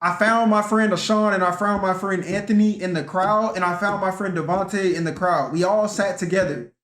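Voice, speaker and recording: A man's voice: high voice, steady tone, moderate pace, fairly bright tone. A young man telling a profane, rambling story in a casual rant vlog, talking animatedly and swearing often. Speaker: vlogger. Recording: echoey room.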